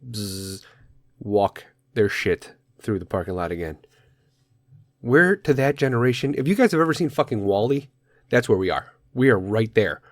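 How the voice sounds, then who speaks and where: A man hosts a podcast with a profane, comedic rant, loud and exasperated. His voice sits at an ordinary male pitch and he drops into mocking voices now and then. The sound is dry, with no room echo. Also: big pitch swings, fairly quick. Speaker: podcast host.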